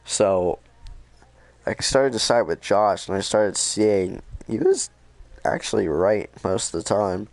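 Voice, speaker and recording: A young man casually recapping a video game, energetic and rambling, with lots of swearing. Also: on the low side, slow pace, gravelly, no room sound. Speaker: gaming video host.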